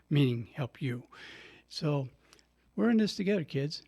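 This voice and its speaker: A man's voice: a little high, expressive, unhurried, vocal fry, darkish tone. An older man who is a priest and radio host tells a story in a chatty, casual way, laughing often and acting out what people said. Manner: chatty, laughing, acts out his own quotes. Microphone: studio microphone.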